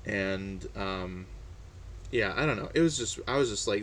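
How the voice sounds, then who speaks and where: A man's voice: fairly low pitch, measured pace, slight background noise. A man chatting casually on his own, hesitant and full of fillers and restarts. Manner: relaxed, chatty. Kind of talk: casual personal monologue.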